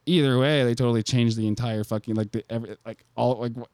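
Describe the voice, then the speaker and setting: A man's voice: mid-range voice, fairly even intonation, fast, darkish tone, clean tone, no echo. A man co-hosting a podcast, rambling in casual talk full of swearing and "dude". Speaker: podcast co-host. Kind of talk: casual profane podcast banter.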